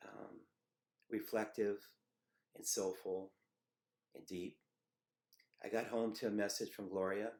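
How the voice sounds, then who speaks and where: Low-voiced man recalling a painful memory. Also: darkish tone. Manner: halting, reflective, many pauses and fillers. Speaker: storyteller recounting a personal memory. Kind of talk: personal testimony.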